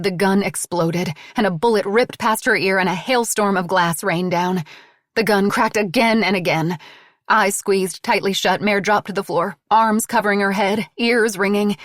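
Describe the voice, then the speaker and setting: A woman narrating a suspense novel in a measured storytelling manner. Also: mid-range voice, dry recording, studio quality. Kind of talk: audiobook narration.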